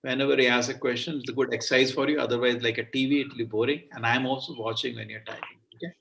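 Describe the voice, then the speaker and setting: A man's voice: medium pitch, steady tone, quick pace, creaky, a bit bright, recorded from a distance, poor audio. A man teaching an online scripture class, explaining verses and putting questions to his students.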